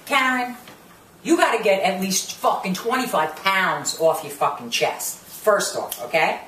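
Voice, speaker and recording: Speaking a little slowly in an expressive, medium-pitched, slightly bright voice, a woman gives a profane, brash review of a reality show, swearing, throwing in Italian curses and mocking the cast. The sound comes from a distance in an echoey room, a bit off-mic, with faint ambience and some hiss or hum.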